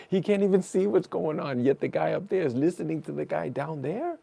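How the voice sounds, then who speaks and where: A man talking as a guest in a casual conversation, animated and storytelling, offering spiritual encouragement. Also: on the high side, moderate pace, gravelly, slightly rough.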